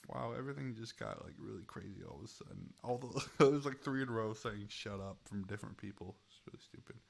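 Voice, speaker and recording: A man's voice: on the low side, lively intonation, fast talker, vocal fry, a little mellow. A man streaming a chat game, commenting casually, laughing often and swearing freely, and sounding short on sleep.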